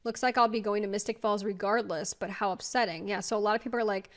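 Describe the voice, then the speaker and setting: A woman's voice: medium pitch, fairly even intonation, fast talker. A woman hosting a commentary channel, talking casually and emphatically straight to her viewers. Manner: emphatic, addresses viewers directly.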